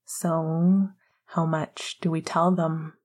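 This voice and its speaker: A teasing, playful young man, voiced by a woman reader, his lines coming soft and half-whispered. The voice sits low and breathy, with a husky grain. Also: little pitch movement, takes it slowly.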